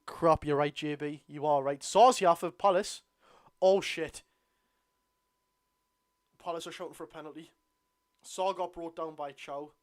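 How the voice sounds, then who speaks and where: Geordie man, watchalong host; tired, excitable shouts at the ref, dry close sound. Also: a little slow, long pauses, clean tone, no room sound. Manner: excitable outbursts at the referee, then low grumbling asides. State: tired, yawning. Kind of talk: live football watchalong commentary, reading chat.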